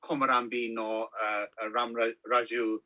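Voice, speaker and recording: A man's voice: mid-range voice, little pitch movement, moderate pace, bright, forceful tone. A man co-hosting a casual film review podcast, rambling with lots of ums and restarts. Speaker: podcast co-host.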